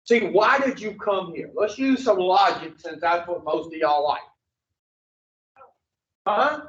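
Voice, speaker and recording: A man's voice: high voice, lively intonation, slow pace, fairly bright tone. A man leading an addiction recovery group, lecturing bluntly and profanely and firing rhetorical questions at the room. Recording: distant, echoey, dull room recording.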